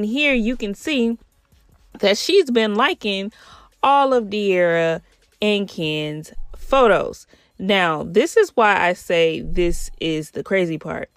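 A woman commentator calmly walking through social media posts in a measured, explanatory way. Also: on the low side, no echo. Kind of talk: reading out social media findings.

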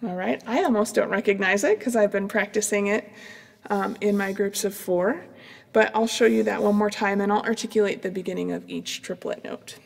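A middle-aged woman, a clarinet professor, calmly explaining practice strategies in an instructional demonstration. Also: mid-range voice, moderate pace, gravelly, long reverb tail, faint music behind. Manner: calm, explanatory, with fillers.

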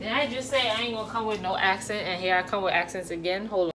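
A woman's voice: medium pitch, fairly even intonation, fast talker, music in the background. A woman hosting a cooking video, chatting casually with playful slang and joking asides. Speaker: cooking vlogger. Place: home kitchen. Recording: frying sizzle in background.

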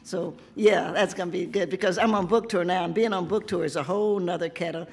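A woman of seventy from Tennessee, hoarse from losing her voice, reading a poem and then chatting playfully with an audience, laughing often. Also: fairly low pitch, fairly even intonation, a little fast. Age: 70s. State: hoarse, has lost her voice. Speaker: poet at an author visit. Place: public library event before an audience.

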